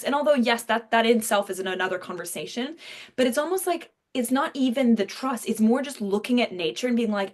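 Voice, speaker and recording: A woman's voice: a little high, fairly quick. A woman hosting a podcast, thinking aloud in a reflective, rambling way with many fillers. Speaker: podcast host. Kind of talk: podcast conversation.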